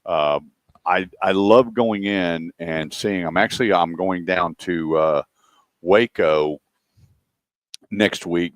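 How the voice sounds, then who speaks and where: Brief: man, low deep voice, dry close mic, lively anecdote teller for talk radio. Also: no room sound. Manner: animated storyteller, acts out quotes. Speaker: radio show host. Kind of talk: casual talk radio chat.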